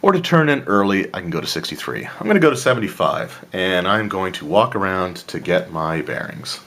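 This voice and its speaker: A man with a very deep voice reads a solo tabletop horror gamebook aloud. He reads the choices and narration and drops in casual, joking asides. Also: sing-song, fairly quick, a bit bright. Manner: casual, with asides and throat-clearing. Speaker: player of a solo tabletop adventure.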